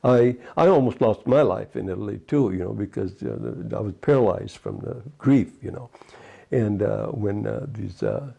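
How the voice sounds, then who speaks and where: A man's voice: fairly low pitch, moderate pace, creaky, dark tone, lo-fi sound. A man in his eighties, a retired fisherman, recalling his childhood in a rambling oral history interview, full of "you know" asides. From United States. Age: 80s.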